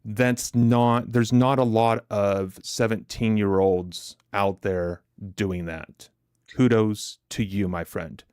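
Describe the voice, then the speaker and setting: A man's voice: lowish voice, steady tone, takes it slowly, a little mellow, clear, resonant tone, no echo, clean studio sound. A man hosting a live trading stream, chatting casually with viewers in a chatty, self-deprecating way and laughing easily.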